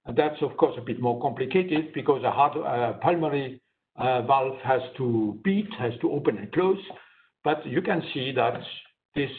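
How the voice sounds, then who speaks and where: Man lecturing over a tinny line. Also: medium pitch. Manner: explanatory, walks through slides step by step. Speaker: guest lecturer. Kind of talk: academic science lecture. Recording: tinny phone-like online lecture audio.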